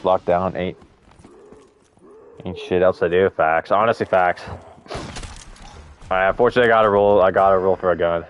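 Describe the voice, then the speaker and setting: A man's voice: sits low, fairly even intonation, moderate pace, pauses often, clear, resonant tone, muffled recording. A young man chatting casually to viewers while live-streaming a game, with laid-back slang and frequent swearing. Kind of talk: casual gaming stream chat.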